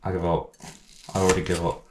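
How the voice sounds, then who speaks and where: In his echoey kitchen, with pans clattering, a man hosts a casual home cooking vlog, rambling, mocking himself and swearing a lot as he chops. His low voice is monotone and fast, with background noise.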